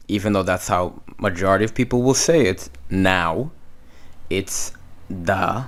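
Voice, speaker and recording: A man's voice: sits low, expressive, slow, gravelly, a bit bright. A man teaching Hebrew letters, patiently repeating each sound and stroke several times. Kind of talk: slow step-by-step lesson.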